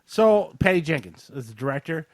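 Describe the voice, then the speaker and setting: A man with a fairly high voice speaks a little fast, recorded at studio quality without room sound. As a podcast co-host in a casual movie review, he animatedly walks through the plot, putting on exaggerated character voices.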